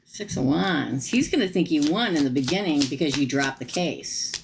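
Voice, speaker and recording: A woman reading tarot on a live stream, chatty and animated, laughing often. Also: low-pitched, normal speed, creaky, background noise. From United States. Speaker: tarot reader.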